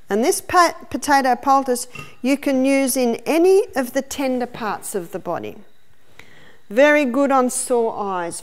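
Higher-voiced woman teaching home remedies. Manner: story-telling, explaining step by step. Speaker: health educator. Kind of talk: teaching seminar with demonstration.

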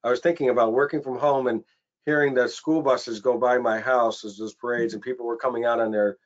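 A chatty man hosting a panel webinar over a video call, rambling a little and restarting his sentences. His voice is at a middle pitch and the audio sounds dull and lo-fi. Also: fairly even intonation, fairly quick. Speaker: webinar host. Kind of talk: casual webinar panel chat.

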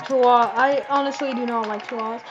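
A woman doing excitable gaming commentary, squealing, laughing and talking to her viewers. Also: a little high, fast talker. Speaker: let's play host. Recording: muffled recording with steady noise.

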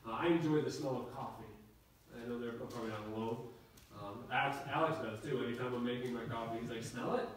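A man preaching a sermon to his congregation, conversational and warm in delivery, often restarting his phrases. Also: medium pitch, steady tone, fast, slight background noise. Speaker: pastor. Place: church sanctuary. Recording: echoey hall from far off.

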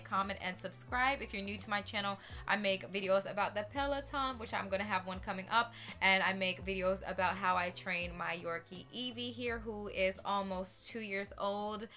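Lively woman host for a pet-care vlog, bright voice, very expressive delivery. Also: medium pitch. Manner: animated, expressive talker. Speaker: dog-training vlogger. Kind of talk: casual advice vlog.

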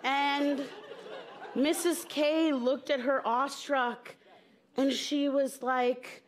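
High-voiced, slow-talking woman comedian. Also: fairly even intonation. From southern United States. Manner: playful, storytelling with jokes. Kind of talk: stand-up talk on stage. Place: stage before a live audience.

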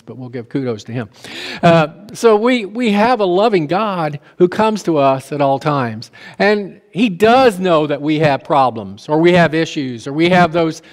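A man pastor delivering a sermon in a relaxed, folksy manner, tossing asides and questions to the congregation. His voice sits a little high for a man. The sound carries the long reverb of a church sanctuary.

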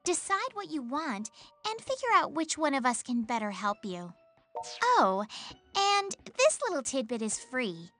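Rin, a teasing, scheming young idol. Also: female voice, high voice, sing-song, pushed and bright, faint music behind, full character voice. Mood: coolly taunting. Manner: teasing, condescending, measured. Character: cool, scheming young woman idol with secrets. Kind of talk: video game voice acting.

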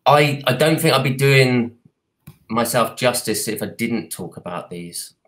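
A man with a Cockney accent, speaking earnestly in a halting way over a video call from his home computer, with many restarts and fillers. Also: mid-range voice, lively intonation, fairly bright tone. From United Kingdom. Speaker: artist and advocate. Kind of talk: live video call interview. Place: apartment at home.

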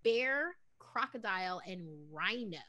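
Bright, giggly woman hosting a chat. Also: medium pitch, measured pace. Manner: giggly, rambling, animated. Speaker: host. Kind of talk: casual streamed chat.

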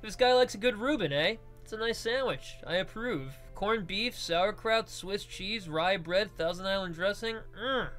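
A man's voice: high-pitched, moderate pace, hardly any pauses, a bit bright, faint music behind. A young man reading a visual novel aloud and wandering into joking, rambling tangents. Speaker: let's play reader and commentator.

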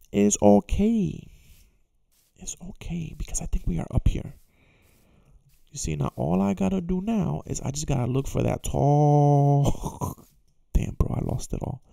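Lively jokey young man playing a game. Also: fairly high pitch, gravelly, no room sound, clean studio sound. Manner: jokey, talks to himself and game characters. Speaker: gaming YouTuber. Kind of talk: casual gameplay commentary.

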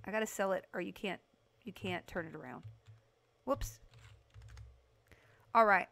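A woman livestreaming a game, chatting to her viewers in a chatty, gushing, excitable way. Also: mid-range voice, unhurried, pauses often. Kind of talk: casual gameplay commentary to chat.

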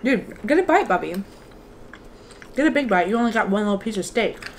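A woman's voice: medium pitch, animated, fairly quick, noisy background. A woman co-hosting an eating show, chatting in an easygoing, giggly way between bites. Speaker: mukbang co-host. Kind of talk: casual chat while eating.

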